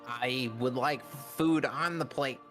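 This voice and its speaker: A man's voice: medium pitch, fairly even intonation, slow, a bit bright, soft background music. A man playing a tabletop game, speaking in character in a dry, matter-of-fact way. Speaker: player.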